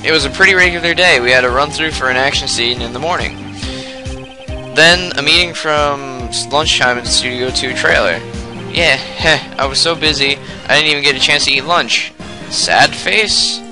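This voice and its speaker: A man's voice: a little high, normal speed, over music, close to an everyday voice. A man voicing a smug, nerdy male TV show creator who speaks in internet slang, in a video game playthrough.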